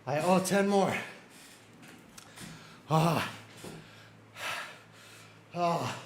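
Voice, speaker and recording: A man chatting casually on a live game stream, excitable and full of quick exclamations. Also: a little high, a little hiss or hum.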